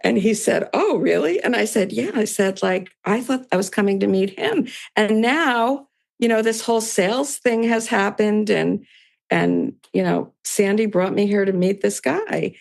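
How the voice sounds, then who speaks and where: A woman's voice: medium pitch, unhurried, vocal fry. An older woman, a podcast guest, telling a story in casual conversation and voicing both sides of past dialogue with small laughs.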